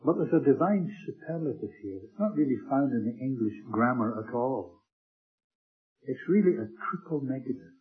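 An older man preaching a sermon, his delivery swinging from loud emphasis to quiet, hushed lines. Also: medium pitch, animated, moderate pace. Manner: dynamic, swings from loud emphasis to soft near-whisper. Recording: tinny phone-like sermon recording.

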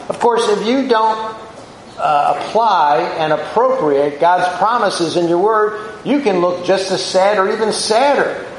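A man's voice: high voice, roomy sound, slight background noise, poor audio. A man preaching a sermon, teaching through Bible verses in a conversational, reflective way with rhetorical questions.

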